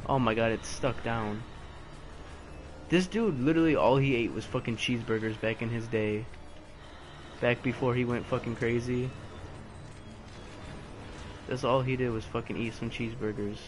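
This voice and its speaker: A man's voice: medium pitch, fairly even intonation, normal speed, long pauses, noisy background. A man commentating a video game live, frustrated, swearing and taunting the enemies on screen. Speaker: let's play gamer.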